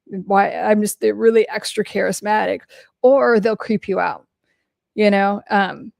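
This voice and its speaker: Her voice is mid-range and gravelly, and she keeps a measured pace. A woman podcast host working as a mental health coach, she answers questions alone in a casual, blunt, animated storytelling style, swearing freely and filling in with lots of fillers. The studio-quality audio has no room sound.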